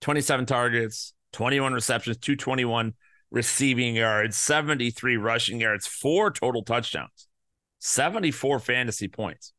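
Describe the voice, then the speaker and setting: A man hosting a podcast, rattling off statistics in an animated, ranting monologue and swearing often. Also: medium pitch, no room sound, studio quality. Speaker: podcast host. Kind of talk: fantasy football podcast monologue.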